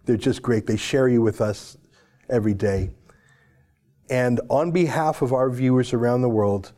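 Impassioned man hosting, dark voice. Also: mid-range voice, moderate pace. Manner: emotional, pleading, swings from loud to hushed. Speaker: show host. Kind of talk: impassioned commentary.

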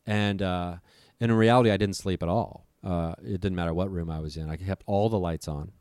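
A young man with a low, deep voice recounts a scary night in casual conversation. He talks vividly and profanely, slipping into the voices of the people in the story. The recording is close and dry. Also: steady tone, fairly quick, a little mellow, no room sound. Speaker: storyteller guest.

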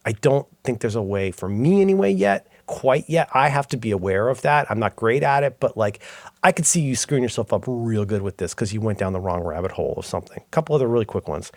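A man's voice: mid-range voice, fast talker, no room sound. A man co-hosting a podcast in casual chat, rambling and cutting himself off as he tells stories. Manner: rambling, self-interrupting, animated storytelling. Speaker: podcast co-host.

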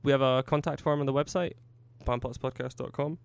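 A man's voice: mid-range voice, a little fast, creaky, clear, resonant tone, no echo. A man co-hosting a casual podcast, steering the talk with plenty of uh and um fillers, speaking over a computer mic. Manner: steady, organizing, with many uh and um fillers. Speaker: podcast co-host. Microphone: computer mic on a Skype call.

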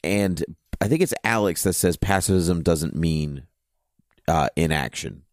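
A man's voice: deep voice, measured pace, no room sound, studio quality. A man co-hosting a podcast in a casual chat, rambling and leaning heavily on "you know" as he thinks aloud. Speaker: podcast co-host.

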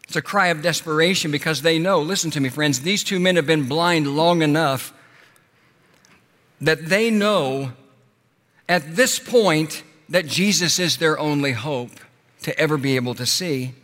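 A male pastor preaching a sermon, rising to loud passionate peaks and then dropping soft and slow. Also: on the high side, big-room sound.

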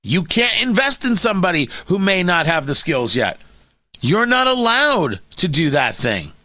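Radio host guy ranting, sarcastic, bright and lively, dry close sound. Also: high voice, a little slow, no room sound. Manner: sarcastic, animated, mocking asides. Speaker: radio talk show host. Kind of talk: opinionated talk radio monologue.

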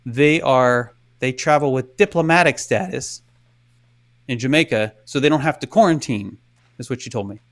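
A man's voice: medium pitch, normal speed. Chatty man telling a story. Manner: animated, acts out quotes with hushed asides. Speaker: podcast co-host. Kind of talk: casual storytelling chat.

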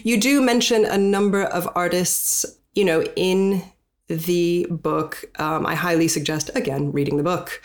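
A woman's voice: lowish voice, steady tone, unhurried. A woman hosting a podcast interview, talking loosely with many fillers and side tangents. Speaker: podcast host. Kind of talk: conversational interview.

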